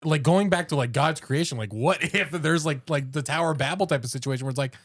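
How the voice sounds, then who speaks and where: A man's voice: on the high side, fast, a bit bright, no room sound, studio quality. A man hosting a podcast in casual chat, laughing a lot and filling his talk with "like". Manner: chatty, laughs often, heavy fillers. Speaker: podcast co-host.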